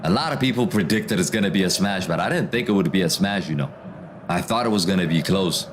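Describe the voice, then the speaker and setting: This is a deep-voiced man talking quickly as he hosts a livestream watchalong of a football match, with background noise audible. He reads chat messages aloud, replies to them, and calls out the action on the pitch. His relaxed, slangy delivery includes frequent "bro."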